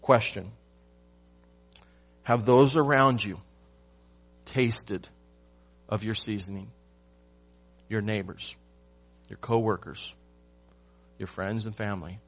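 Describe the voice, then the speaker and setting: A man preaching a sermon to his church, asking rhetorical questions and swinging from loud emphasis to hushed lines. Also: lowish voice, steady tone, takes it slowly, pauses often, soft background music. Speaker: pastor.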